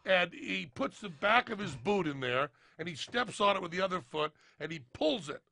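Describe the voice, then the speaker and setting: A man's voice: sits high, expressive, moderate pace, gravelly, bright, forceful tone, dry recording. A man telling a rambling comic story on a podcast, acting out both sides of an imagined conversation. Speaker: podcast co-host.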